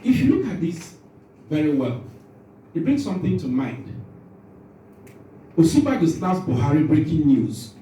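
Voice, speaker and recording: Male trainer, dark mellow tone, miked from across an echoey hall. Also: fairly high pitch, slight background noise. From Nigeria. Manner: asks the room questions, jokes, self-interrupting. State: nervous, voice shaking. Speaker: workshop trainer. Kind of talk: lecturing a training workshop. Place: large conference room. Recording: echoey room from far off.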